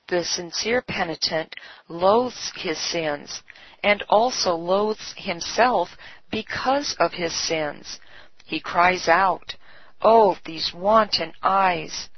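A woman giving a scripted devotional reading with measured, deliberate phrasing, on a dull, slightly lo-fi recording. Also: fairly low pitch, slightly rough. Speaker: devotional reader.

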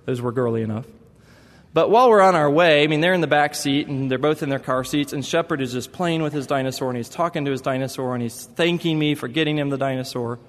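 A man's voice: mid-range voice, fast, long reverb tail. A man preaching a sermon as pastor, telling stories with emphatic repetition.

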